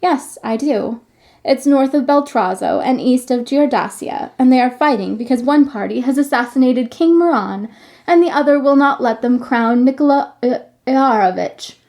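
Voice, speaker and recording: A woman reading aloud, voicing a calm, sturdy twelve-year-old boy who speaks plainly and with curiosity. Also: sits high, moderate pace, voice pushed up.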